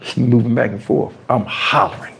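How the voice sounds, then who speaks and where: A man telling a story on a livestream in an animated, profane way, his pitch swinging dramatically, on a lapel mic. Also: normal speed, vocal fry. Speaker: storytime streamer. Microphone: wireless lapel mic.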